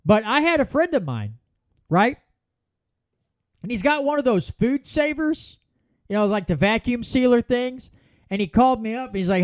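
A man's voice: high-pitched, moderate pace, no room sound. A man hosting a solo political podcast, telling folksy stories with many restarts. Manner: folksy, animated storytelling with repeated restarts. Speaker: podcast host.

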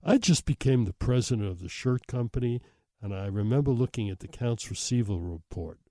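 A man's voice: medium pitch, animated, fairly quick, warm tone, no echo, studio quality. A middle-aged man, a host telling a story in a wry, self-deprecating way. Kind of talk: storytelling monologue.

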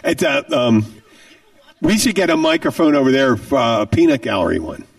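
A man's voice: mid-range voice, very animated, fairly quick, vocal fry, dry recording, far from the mic. A man hosting a podcast, talking animatedly and profanely as he jumps between tangents. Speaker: podcast host. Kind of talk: casual podcast chat.

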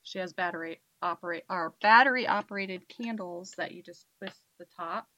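A woman paranormal investigator telling stories in a casual chat, animated and laughing often, with the hiccups. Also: lowish voice, normal speed, muffled recording, a little hiss or hum. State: has the hiccups.

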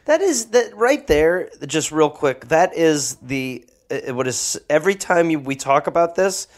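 A man's voice: a little high, lively intonation, unhurried. A man co-hosting a comedy podcast, reacting to the story with sardonic quips and interjections. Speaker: podcast co-host.

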